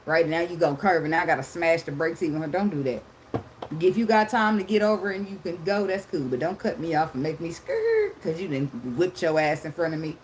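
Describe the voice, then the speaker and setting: A woman's voice: lowish voice, expressive, fairly quick, slight background noise, low-quality recording. Brash, laughing woman in her thirties. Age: 30s. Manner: loud, profane, laughing storyteller. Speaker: tarot reader. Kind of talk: casual tarot reading chat.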